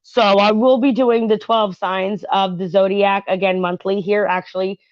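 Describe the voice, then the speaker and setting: A chatty woman giving a tarot reading at home, talking in a rambling way with fillers and frequent asides to her viewers. Her voice sits at an ordinary middle pitch. The recording is dry and a little dull and lo-fi. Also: fairly even intonation, normal speed, dry recording. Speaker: tarot reader and channel host. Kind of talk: casual tarot reading chat with reality TV commentary.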